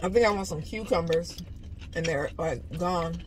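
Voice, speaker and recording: A woman vlogger chatting casually to viewers during a mukbang eating video, telling stories in a relaxed, chatty way from inside a car. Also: on the low side, normal speed, slight background noise, rough recording.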